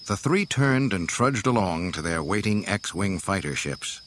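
Low-voiced man narrating a storybook. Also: measured pace, a little hiss or hum. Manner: dramatic, expressive reading.

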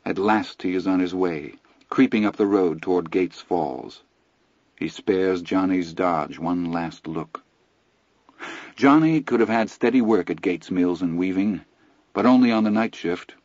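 A man narrating a novel aloud in a measured, even storytelling delivery. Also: deep voice, no echo, dull audio. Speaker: audiobook narrator. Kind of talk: scripted narration.

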